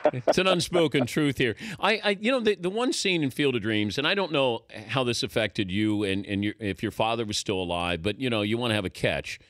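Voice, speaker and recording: A man's voice: mid-range voice, lively intonation, fairly quick, fairly bright tone, dry recording, studio quality. A man hosting a radio talk show, asking teasing, joking questions of his guest. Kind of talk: casual radio interview.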